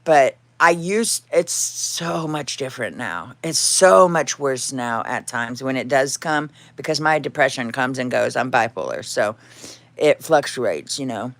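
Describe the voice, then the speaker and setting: A woman's voice: extremely low pitch, animated, a little slow, no room sound. Candid woman chatting on a livestream. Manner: rambling, candid, talks to her cats and chat. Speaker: livestream host. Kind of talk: casual livestream chat. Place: home.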